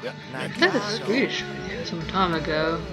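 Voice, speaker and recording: A young woman giving casual gameplay commentary, rambling and giggly as she thinks aloud with many pauses. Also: lowish voice, animated, over music. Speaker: let's play host.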